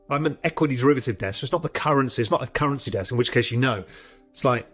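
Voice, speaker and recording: Man, husky voice, animated storytelling, acts out phone calls, faint music underneath. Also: mid-range voice, a little fast, pauses often. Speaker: interview guest, former trader. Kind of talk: storytelling anecdote.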